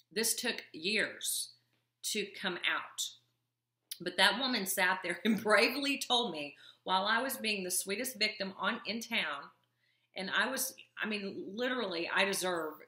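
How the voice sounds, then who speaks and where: A woman's voice: mid-range voice, bright, forceful tone, echoey room. A woman coach talking to camera about her own past, earnest and confiding, with wry asides. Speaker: self-love coach. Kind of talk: personal talk to camera.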